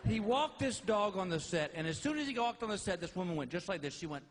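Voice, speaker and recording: Male stand-up comic, very high voice, wildly lively delivery, shouted rants. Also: fast talker, hardly any pauses, slight background noise. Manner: animated storytelling with shouted outbursts. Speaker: stand-up comedian. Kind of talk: stand-up comedy. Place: stage before a live audience.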